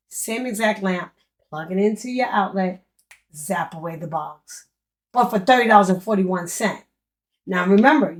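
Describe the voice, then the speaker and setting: A young adult woman walking viewers through an online store tutorial, excitedly repeating prices and exclamations for emphasis. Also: mid-range voice. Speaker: online business creator. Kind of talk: excited screen-share product walkthrough.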